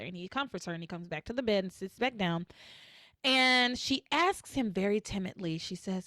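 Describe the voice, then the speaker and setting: A woman's voice: a little high, normal speed, sharp tone, no echo, clean studio sound. A woman podcast host in casual chat, animatedly retelling scenes and acting out the quotes.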